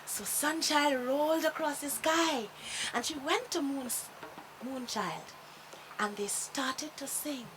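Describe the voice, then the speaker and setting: A woman telling a children's bedtime story in a gentle, expressive way. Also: sits high, slow pace, background noise.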